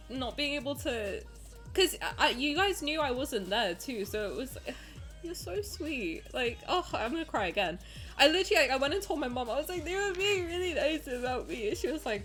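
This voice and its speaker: A young woman chatting casually on a live stream, bubbly and warm with her viewers, greeting them one by one. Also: high-pitched.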